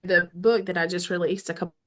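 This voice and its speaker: A middle-aged woman from the American South with a Southern accent, telling the story of how she became a romance author in a casual interview, acting out quoted dialogue and often clearing her throat. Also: on the low side, steady tone, quick pace.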